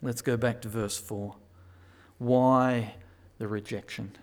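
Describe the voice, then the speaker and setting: A man preaching a sermon, moving between quiet reflection and loud, emphatic pleading. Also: mid-range voice, steady tone, slow.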